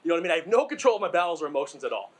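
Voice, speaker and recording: Husky young man rambling through crude stand-up. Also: fairly high pitch, sing-song, racing. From Massachusetts. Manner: rambling, crude, with frequent asides and fillers. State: out of breath. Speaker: stand-up comedian. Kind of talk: self-deprecating stand-up storytelling.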